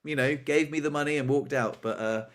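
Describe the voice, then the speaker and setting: A young man co-hosting a podcast, telling a story in a casual, animated way, pitching up when he acts out dramatic moments. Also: fairly quick. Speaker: podcast co-host.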